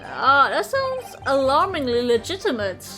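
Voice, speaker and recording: A woman's voice: sits high, wildly swooping pitch, measured pace, fairly bright tone, faint music behind, full character voice. A woman reading as an earnest young lawyer. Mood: questioning.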